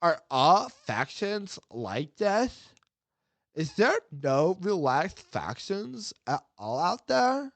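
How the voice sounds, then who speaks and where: A man reading a forum post in a put-on Valley Girl voice, drawn-out and sing-song. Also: high-pitched, sing-song, fairly bright tone, no room sound, heavily acted. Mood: whiny. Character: whiny young Valley Girl forum poster.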